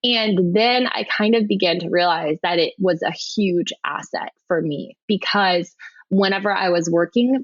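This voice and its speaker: A woman in her thirties talks through her work story as a podcast guest, animated and quick to laugh. Her voice sits low for a woman. The sound is dry and a little dull. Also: dry recording. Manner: animated, laughs often, frequent restarts. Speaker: podcast guest, web designer. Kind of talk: conversational storytelling.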